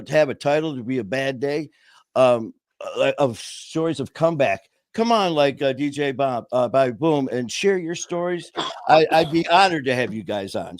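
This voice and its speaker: A man's voice: on the high side, no echo, clean studio sound. Man hosting a podcast, shares his story with earnest emotion, says "man" and "brother" often. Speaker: podcast host. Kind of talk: casual conversational storytelling.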